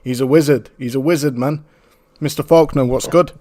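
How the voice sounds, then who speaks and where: A man's voice: mid-range voice, fairly even intonation, normal speed, a little mellow, no room sound, studio quality. A man hosting a gaming podcast, playful and hyping his guests, eating while talking. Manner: playful, hypes guests up, says "bro" a lot. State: eating during the show. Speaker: podcast host. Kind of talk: casual chat.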